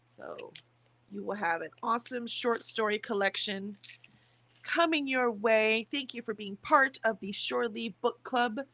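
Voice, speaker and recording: A woman hosting a morning writing livestream, chatting casually and reading viewer comments aloud, her voice rough from the early hour. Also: on the high side, a little slow, bright, forceful tone. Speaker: streamer hosting writing sprints.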